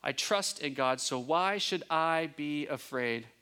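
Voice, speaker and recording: A man preaching a sermon, asking his listeners questions and building to emphatic peaks, with relaxed conversational asides. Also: fairly high pitch, takes it slowly, smooth. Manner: conversational asides, self-correcting. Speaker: pastor.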